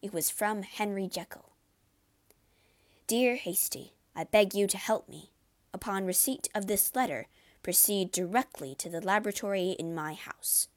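A man's voice: high voice, normal speed, natural voice. A woman voicing a shaken, frightened male doctor who speaks in a trembling voice, in a storybook reading. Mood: storytelling. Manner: trembling, fearful.

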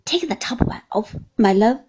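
A woman voicing an affectionate young husband who speaks tenderly and gently teases. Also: fairly high pitch, expressive, normal speed, husky. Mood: fond. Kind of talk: audiobook character reading.

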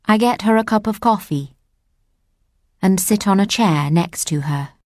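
A woman reading a first-person audiobook story in a plain, measured way. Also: medium pitch, a little mellow, no echo, clean studio sound. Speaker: audiobook narrator. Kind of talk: scripted first-person narration.

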